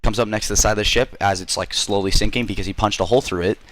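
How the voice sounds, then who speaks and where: A man's voice: fairly low pitch, fairly even intonation, rapid-fire, fairly bright tone. A man telling a rambling, silly story to friends in a game voice chat, full of fillers and swearing.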